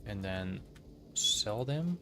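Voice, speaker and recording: Game music plays beneath a lowish, animated voice that moves extremely slowly. The man is live-streaming a video game and chatting in an easygoing manner with his viewers as he plays.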